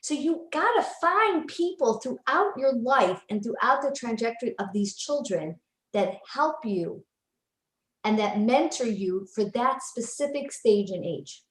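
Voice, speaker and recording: A woman in her fifties, a psychologist guest, telling stories in a casual, animated way and often restarting her sentences. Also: fairly high pitch. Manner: animated storyteller, quick restarts. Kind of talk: casual interview chat. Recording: roomy echo.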